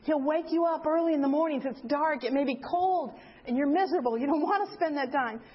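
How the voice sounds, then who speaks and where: An older woman giving a sermon, telling a story with lively acted-out quotes. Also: sits high, fast talker. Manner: animated storyteller acting out quotes. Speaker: speaker. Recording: dull lo-fi sound.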